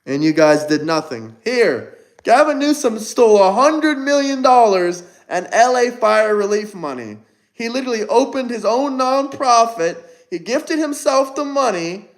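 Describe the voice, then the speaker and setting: A man's voice: very high-pitched, sing-song, measured pace, low-quality recording. A man hosting a casual livestream, firing mocking, combative replies at his chat. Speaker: livestream host.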